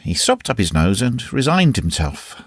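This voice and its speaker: A man reading a classic novel aloud as an audiobook narrator, in an expressive, varied reading. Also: lowish voice, normal speed, no echo, studio quality. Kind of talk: scripted narration.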